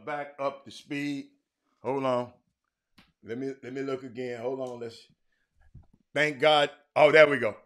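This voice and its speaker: Animated rambling male talk host. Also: fairly high pitch. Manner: loose, rambling, animated with many restarts. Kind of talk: casual livestream sports talk.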